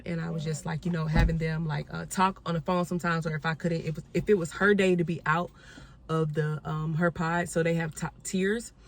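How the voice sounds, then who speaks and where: A young woman recounting a hard personal experience in a candid, unscripted storytime, talking straight to her viewers. Her voice sits on the low side for a woman, and she speaks as if chatting with friends. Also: a little hiss or hum. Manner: candid, conversational, addresses viewers as y'all. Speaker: vlogger.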